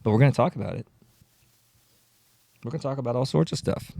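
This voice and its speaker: A man's voice: medium pitch, fast, creaky, warm tone, dry recording. A man hosting his solo podcast, rambling and self-mocking in casual chat, on a podcast microphone. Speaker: podcast host. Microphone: podcast audio equipment.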